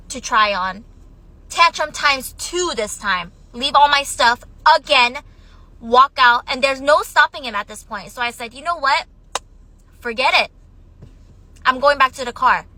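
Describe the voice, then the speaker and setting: Tearful young mom, bright and forceful. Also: female voice, high voice, no room sound, low-quality recording. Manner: tearful, shaky, on the verge of crying. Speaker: mother of young children. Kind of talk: emotional personal storytime.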